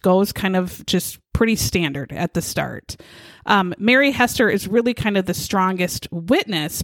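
A woman hosting a casual storytelling podcast who talks in an animated, conversational way and swears often. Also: mid-range voice, no room sound, clean studio sound. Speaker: podcast host. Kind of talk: casual true-crime storytelling.

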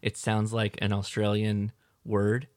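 A man's voice: fairly low pitch, completely flat delivery, unhurried, darkish tone, clean tone, no room sound, clean studio sound. A man hosting a casual podcast, joking around and reading listener mail aloud. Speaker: podcast host. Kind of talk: casual chat.

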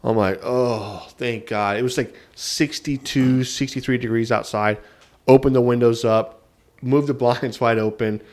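A man co-hosting a casual podcast, telling stories in an animated way and laughing partway through his sentences. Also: mid-range voice, unhurried. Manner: animated storyteller who laughs mid-sentence. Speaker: podcast co-host. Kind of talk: casual chat.

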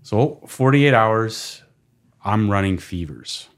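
A man with a very low voice tells his own story on a podcast, plain and unguarded. He swears freely and slips into quoting himself and others. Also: animated, slow. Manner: blunt, swears often, replays his own words and others' in quotes. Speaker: podcast guest. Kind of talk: candid personal storytelling.

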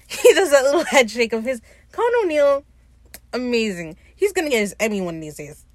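A woman's voice: fairly high pitch, very animated, normal speed, dry recording. A woman hosting a podcast, giving a casual, slangy and profane recap of a TV episode. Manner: slangy, profane, retells scenes by acting out lines.

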